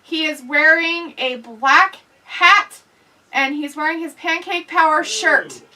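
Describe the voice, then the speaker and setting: High bright-voiced woman host, chatty. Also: takes it slowly, recorded from a distance, poor audio. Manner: chatty, laughs often, reads comments aloud. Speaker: livestream host reading chat. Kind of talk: casual watch-along chat.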